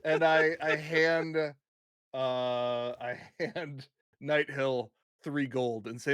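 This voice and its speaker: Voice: mid-range voice, steady tone, drawn-out words, fairly bright tone, clean tone, dry recording, clean studio sound. A player in a tabletop game, casually describing what their character does.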